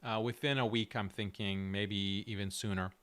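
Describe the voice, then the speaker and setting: A man's voice: on the low side, steady tone, fairly bright tone, smooth. A male show host with a strained, cracking voice, talking earnestly through a livestream and answering chat. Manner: earnest, direct, slightly halting. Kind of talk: livestream talk reading chat.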